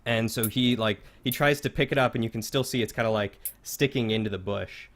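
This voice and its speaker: Game master, man, mid-pitched, loose casual narration. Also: fairly quick, a bit bright. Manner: casual, filler-heavy narration.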